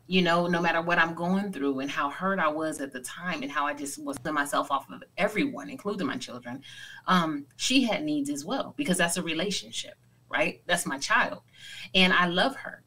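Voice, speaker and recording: A woman's voice: low-pitched, pushed and bright, rough recording. A woman in her forties co-hosting a podcast, speaking earnestly and reflectively in casual conversation. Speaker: podcast co-host.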